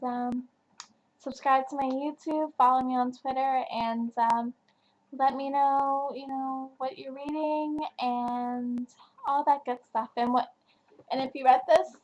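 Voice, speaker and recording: A woman's voice: high voice, a little mellow, lo-fi sound. A young woman from New Jersey reviewing a book in a casual vlog, chatty and full of fillers. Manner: chatty, filler-heavy, gushing. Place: home, at night.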